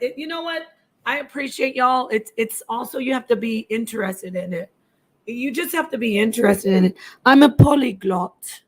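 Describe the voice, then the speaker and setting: A woman in middle age talks casually to her live-stream viewers, her voice sitting a little higher than most. She is chatty and jumps between languages as she answers comments. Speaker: livestream host.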